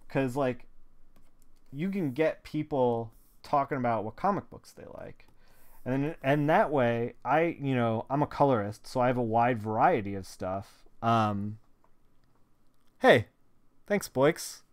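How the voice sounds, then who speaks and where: A man's voice: mid-range voice, measured pace. A man, a comic colorist, talking casually on a live stream from a home studio at a desk mic, rambling with lots of "like" fillers. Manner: rambling, filler-heavy, frequent "like". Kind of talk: casual chat while working.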